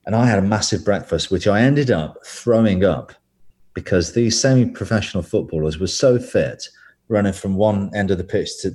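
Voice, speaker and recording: A man's voice: low voice, a little mellow. A man telling rambling, self-deprecating stories as a guest in a casual interview.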